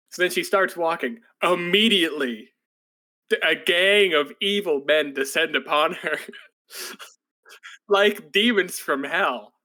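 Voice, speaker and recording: Rambling man recapping an anime, slightly high voice. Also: slow, bright, forceful tone. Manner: rambling, filler-heavy storytelling with many "like"s; jumps into breathless, high-pitched voices when quoting characters. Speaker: podcast co-host. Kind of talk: casual chat retelling an anime plot.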